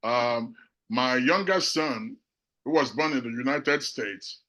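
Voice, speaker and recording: A middle-aged man from Nigeria with a Nigerian accent, giving a measured, reflective talk to an audience as a panel speaker, pausing often on fillers. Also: mid-range voice, pushed and bright, rough recording. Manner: measured, with frequent filler pauses.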